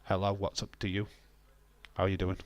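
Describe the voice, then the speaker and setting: A man's voice: sits low, monotone, brisk, no echo, lo-fi sound. An English man, a young adult, hosting a casual live stream, joking and bantering with viewers in the chat. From England. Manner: jokey, banters with chat, bursts of laughter and loud exclamations.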